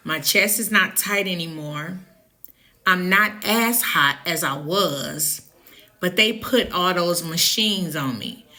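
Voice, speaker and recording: A woman in a casual storytime vlog, her voice bright and forward but sitting low for a woman. She tells her story with lively, emphatic energy. She jumps up sharply when indignant and sinks to a near-hush for the tense moments. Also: slow pace. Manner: uses colloquial slang.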